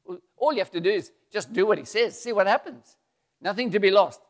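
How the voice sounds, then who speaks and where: A man's voice: on the high side, normal speed, big-room sound, lightly acted. A man voicing soldiers urging their stubborn general, in a retold Bible story. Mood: coaxing. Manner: urging, rising and loud.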